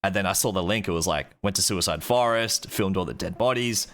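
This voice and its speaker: Bright-voiced young Australian man telling stories. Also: low voice, a little fast. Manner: rambling, lots of "like", swears freely. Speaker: streamer. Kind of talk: casual storytelling.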